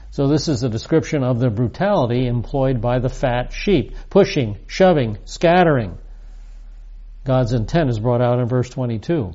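A man teaching through a scripture passage, reading each verse with weight before explaining it. His voice is mellow and warm in tone, at a middle pitch. The recording is a little dull and muffled. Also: animated. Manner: measured teaching, reads verses aloud with emphasis. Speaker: Bible teacher. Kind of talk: recorded Bible lesson.

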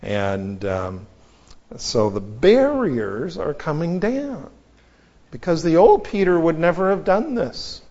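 A man teaching through a Bible passage verse by verse, in a measured, explanatory way with frequent asides. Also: on the high side, very animated, warm tone. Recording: dull lo-fi recording.

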